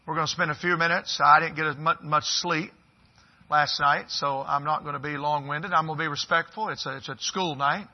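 A man's voice: fairly high pitch, steady tone, a little fast. A man in his fifties preaching as a visiting pastor in a church, folksy and joking with the congregation. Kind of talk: sermon. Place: church sanctuary. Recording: dull lo-fi sermon recording.

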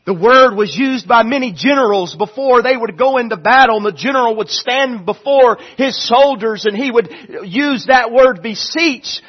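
A male pastor preaching a sermon, swinging from loud pleading to hushed intensity and often repeating and restarting his phrases. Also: extremely high pitch, moderate pace, few pauses, slightly rough, highs cut off.

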